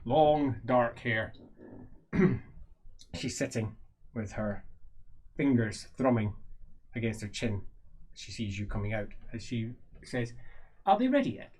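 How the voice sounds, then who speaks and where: A man's voice: mid-range voice, steady tone, slow pace, pauses often, darkish tone, breathy edge. A man narrating as game master for a tabletop role-playing game, describing scenes with fillers.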